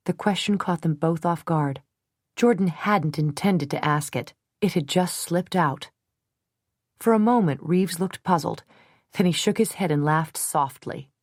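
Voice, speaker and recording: Low-voiced woman narrating a novel. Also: measured pace, darkish tone, no echo, clean studio sound. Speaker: audiobook narrator. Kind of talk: scripted narration.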